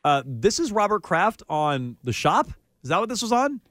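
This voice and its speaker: Sarcastic sports radio guy riffing, kinda high voice, dry close mic. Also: normal speed, no echo. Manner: sarcastic, animated, jokey. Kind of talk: casual sports talk.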